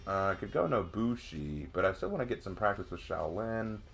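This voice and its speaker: A man streaming gameplay, reading chat aloud and thinking out loud as he plays, chatty and quick to laugh. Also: fairly low pitch, gravelly, slight background noise. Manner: chatty, excitable, laughs often, talks to himself. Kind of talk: live gameplay commentary.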